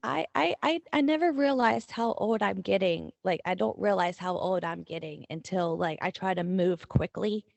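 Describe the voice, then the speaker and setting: Gravelly Southern woman in casual chat. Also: mid-range voice, normal speed, hardly any pauses, dry recording. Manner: swearing, laughing, acts out her kids' voices. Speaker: podcast co-host.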